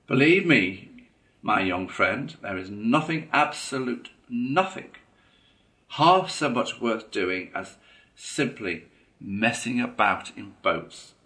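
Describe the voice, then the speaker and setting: A man voicing a gentle, enthusiastic male water rat in a storybook reading, talking in a dreamy, hearty way. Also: mid-range voice, lively intonation, slow pace.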